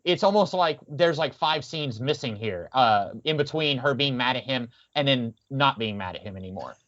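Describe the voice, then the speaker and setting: A man chats casually on a podcast, pitched in the middle, with a steady stream of ums and uhs. His audio sounds a little muffled and lo-fi. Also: moderate pace. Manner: chatty, many fillers, quotes lines in character. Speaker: podcast co-host. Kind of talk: casual film discussion.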